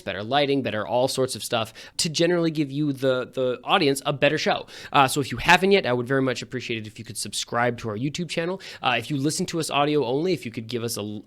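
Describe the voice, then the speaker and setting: A man hosting a tabletop game podcast, rambling through shout-outs and ad reads. He is chummy and self-mocking, with a voice of average pitch. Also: dry recording. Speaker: podcast host and game master. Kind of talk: casual podcast intro and ad read.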